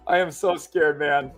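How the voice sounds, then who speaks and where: A man's voice: fairly high pitch, vocal fry, a bit bright. Nervous, laughing young male streamer. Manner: laughing nervously, reading out donations. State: nervous, excited. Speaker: livestream host. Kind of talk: casual livestream chat.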